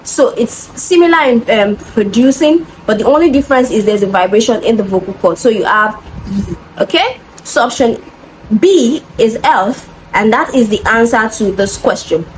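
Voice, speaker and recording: A fairly high-voiced woman walks students through exam answers step by step. She is patient and methodical, often stopping to check that they follow. A faint hiss of noise sits under her voice. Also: lively intonation, normal speed, rough recording. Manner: patient, methodical teaching with frequent "okay?" checks. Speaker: English exam tutor.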